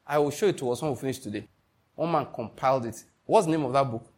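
A man's voice: mid-range voice, quick pace, a little mellow. A man preaching a sermon as pastor, stressing points and asking the congregation questions. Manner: emphatic preaching with call-and-response questions.

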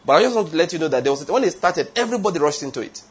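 Man, sermon, husky voice, emphatic, dull lo-fi recording. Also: on the high side, lively intonation, rapid-fire. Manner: emphatic, rhetorical questions, wanders into tangents. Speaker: preacher. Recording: dull lo-fi sound.

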